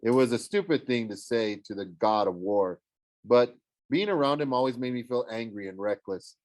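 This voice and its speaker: A man narrating a first-person fantasy novel as an audiobook reader, in an even storytelling manner. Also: medium pitch, normal speed, dry recording.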